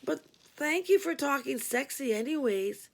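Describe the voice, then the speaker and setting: A courteous, mild-mannered man on the phone, voiced by a woman reader. He speaks slowly and gently, with a gravelly, rather high tone. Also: expressive, exaggerated voice. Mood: polite. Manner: polite, gentle. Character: polite, shy adult male caller.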